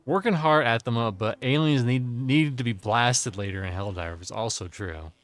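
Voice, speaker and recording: A man's voice: mid-range voice, normal speed, a bit bright. A man streaming a game live, chatting crudely and jokingly with his chat while a bit drunk. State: tipsy.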